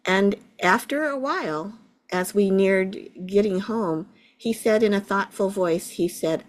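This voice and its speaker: A middle-aged woman, a Buddhist teacher, gently telling a personal story in an interview. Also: mid-range voice, lively intonation. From United States. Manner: slow, gentle, reflective storytelling.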